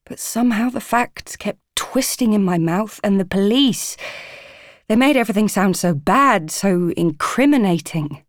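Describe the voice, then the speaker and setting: A woman's voice: mid-range voice, animated, a little slow, no room sound, clean studio sound. A young woman narrating a first-person audiobook, earnest and pleading, emotionally raw.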